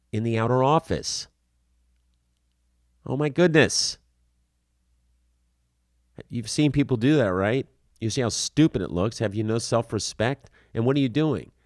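A man with a very low voice gives audition advice to actors. He speaks bluntly and with animation, mixing scolding and encouragement in casual, slightly profane talk. The recording is dry and close, with no room sound. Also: a little mellow, no room sound. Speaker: acting coach. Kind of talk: instructional talk to camera.

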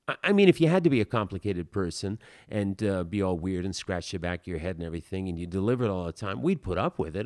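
A man's voice: lowish voice, darkish tone, dry recording, clean studio sound. A man hosting a podcast, giving blunt, emphatic advice in a casual monologue with a wry edge.

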